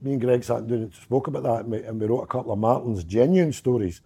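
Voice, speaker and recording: A middle-aged Scottish man telling stories in casual chat, gruff and sweary with a mock-snappy edge. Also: medium pitch, quick pace, mellow. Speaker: guest comedian.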